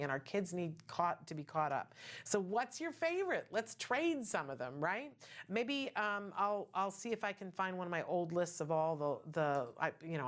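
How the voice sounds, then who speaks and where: A middle-aged woman hosting a casual talk show, chatty and emphatic with many asides and rhetorical questions. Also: on the low side. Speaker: podcast host.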